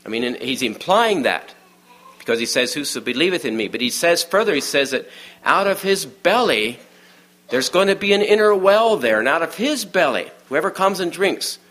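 A man giving a sermon in a conversational, storytelling way, often dropping to a hush for the quiet moments. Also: on the high side, expressive, normal speed. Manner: many restarts and fillers, informal aside. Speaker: preacher.

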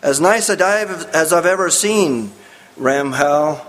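A man's voice: sits high, expressive, unhurried, a bit bright, pitched above the performer's own voice, rough recording. A preacher doing an eager missionary man. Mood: excited. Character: eager male missionary, excited and earnest.

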